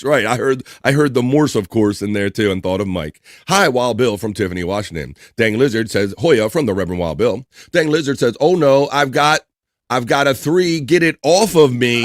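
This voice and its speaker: A man's voice: mid-range voice, dry recording, clean studio sound. Chatty man reading live chat aloud. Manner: chatty, reads usernames and shout-outs aloud, quick asides. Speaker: livestream host.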